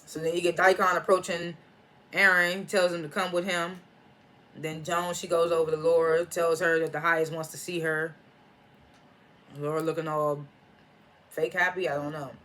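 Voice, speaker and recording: Host of a recap vlog: a bright, forward voice that rambles through plot points with loose slang and quick restarts. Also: medium pitch, little pitch movement. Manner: chatty, slangy retelling with laughter; frequent restarts and repeated names. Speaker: TV episode reviewer. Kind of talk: casual episode recap.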